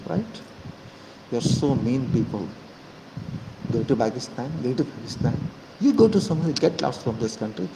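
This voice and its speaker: A man with an Indian accent giving a heated, accusing political monologue, switching between Hindi and English, repeating himself, with sudden loud peaks and low asides. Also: noisy background. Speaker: channel host giving commentary.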